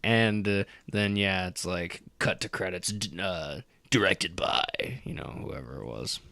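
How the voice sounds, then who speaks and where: A man's voice: low-pitched, measured pace, gravelly, pushed and bright, no room sound. A man co-hosting a podcast in casual chat, rambling with fillers and laughing often. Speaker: podcast co-host.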